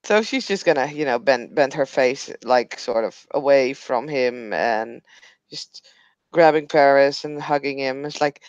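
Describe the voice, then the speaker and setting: A woman's voice: rumbling low, a little slow, no room sound, dull audio. A woman playing a tabletop role-playing game, describing her character's actions in a hesitant, casual way with many fillers. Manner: hesitant, lots of fillers, laughs easily. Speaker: tabletop player.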